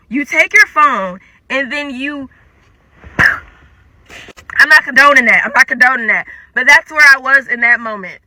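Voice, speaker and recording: A young woman telling a personal story in a casual storytime, animated and dramatic, acting out the quotes. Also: high voice, no echo. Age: young adult.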